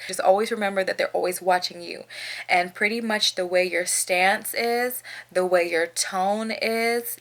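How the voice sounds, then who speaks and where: A young woman from Maryland talks straight to the camera about dog training. She is frank and lively, breaking into short laughs between her points. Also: fairly low pitch. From Maryland, USA. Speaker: dog owner vlogger. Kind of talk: casual advice vlog.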